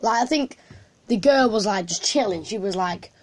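A woman's voice: mid-range voice, lively intonation, normal speed, slight background noise. A woman, casually telling a story to camera in a rambling way with lots of fillers and restarts.

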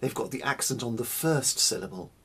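A man teaching early music in a slow, deliberate spoken lecture, stressing single words and pausing between them. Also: medium pitch, animated, sharp tone, husky.

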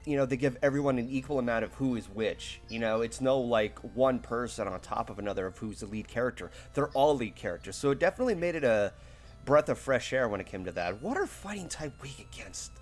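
An excitable man chatting over a game stream, his pitch leaping up and down as he talks. He swears freely and laughs a lot, with faint game music behind him. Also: fairly quick. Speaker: let's play streamer. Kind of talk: casual gameplay chat.

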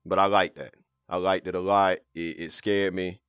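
A man giving casual, excitable commentary while playing a VR game, slangy and swearing freely. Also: low voice, normal speed, clear, resonant tone, dry recording. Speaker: VR gaming video host. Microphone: VR headset setup.

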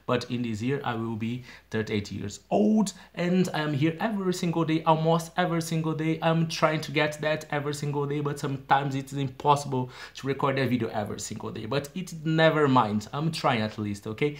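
A man's voice: fairly high pitch, brisk, hardly any pauses. Chatty Brazilian man explaining words. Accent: Brazilian Portuguese. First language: Portuguese. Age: 30s. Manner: chatty, self-deprecating, frequent "okay?" checks. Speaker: English learner vlogger. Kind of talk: casual video diary explaining vocabulary.

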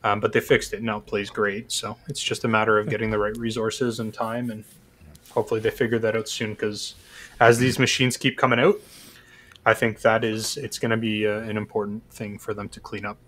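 Low-voiced man explaining calmly. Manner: measured, explanatory. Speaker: co-host. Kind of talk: casual podcast chat.

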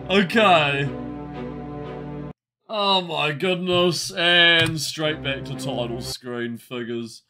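Slow, bright-voiced male game streamer. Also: a little high, soft background music. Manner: wry, chatty reactions while playing. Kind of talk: casual live gameplay commentary.

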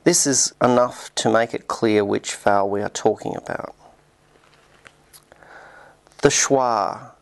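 A man narrating a scripted linguistics lesson in a measured, explanatory way. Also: lowish voice, creaky. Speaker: linguistics lecturer.

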